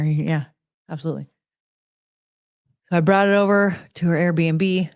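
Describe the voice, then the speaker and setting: A woman's voice: fairly low pitch, unhurried, dry recording, studio quality. A woman livestreamer chatting casually in a rambling way, with lots of fillers.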